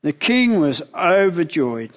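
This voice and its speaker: A man preaching a sermon, retelling a Bible story in lively words and asking the listeners questions. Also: fairly high pitch, slow.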